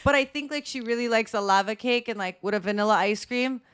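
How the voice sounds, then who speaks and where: A woman's voice: a little high, quick pace, fairly bright tone, clear, resonant tone. A young woman co-hosting a podcast, chatty and playful, with lots of "like" in her speech. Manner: chatty, full of "like", playful banter. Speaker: podcast co-host. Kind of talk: casual chat.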